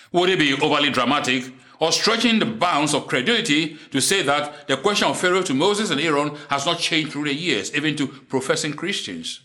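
Guy preaching a sermon, english not his first language, brightish higher voice, slow and deliberate, repeats stuff for emphasis.

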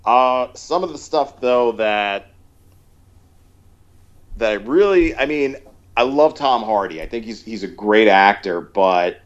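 A man's voice: lowish voice, lively intonation, slow, long pauses. A man chatting casually about a movie, rambling with lots of fillers and restarts. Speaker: podcast co-host. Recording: dull lo-fi sound.

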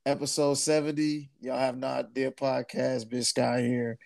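A laid-back man hosts a casual podcast, chatting loosely and repeating his phrases. His voice is gravelly. The sound is dry and close, with no room around it. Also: mid-range voice, little pitch movement, a little slow, a little mellow, no echo. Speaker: podcast host. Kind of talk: casual chat.

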